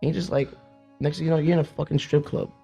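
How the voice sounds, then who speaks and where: A young man rattling off crude stories at high speed, his voice sitting a bit high for a man. He jumps into mocking impressions of others mid-story. Faint music plays under the casual chat. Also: fairly even intonation, gravelly, warm tone, slightly rough. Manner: fast, profane storytelling with mocking put-on voices. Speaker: podcast co-host.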